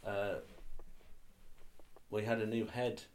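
A man's voice: fairly low pitch, level tone, takes it slowly, a little mellow. An older man being interviewed, speaking thoughtfully and hesitantly, with restarts and tag questions. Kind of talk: reflective oral-history interview.

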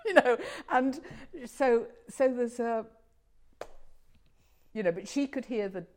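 A woman's voice: medium pitch, sing-song, unhurried. An older woman being interviewed for an oral history, talking in a chatty, rambling way with frequent restarts and fillers.

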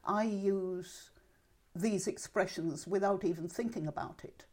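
A woman's voice: mid-range voice, a little slow, a little mellow. An older woman being interviewed, reminiscing in a chatty, thoughtful way and speaking her mind. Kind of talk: reminiscing oral-history interview.

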